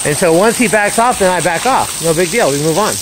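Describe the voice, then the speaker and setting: Outdoors in a yard with his dogs, a man vlogs as a dog trainer, explaining their behaviour and calling to them by name. He's upbeat in this casual commentary, with a high voice, lively intonation and a fairly quick pace. There's background noise.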